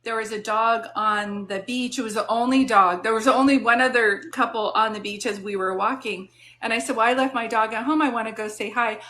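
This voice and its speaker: A woman's voice: fairly high pitch, fairly even intonation, brisk, hardly any pauses, sharp tone, a little hiss or hum. A woman working as a psychic medium, giving a live-stream reading in a soothing, reassuring, chatty way.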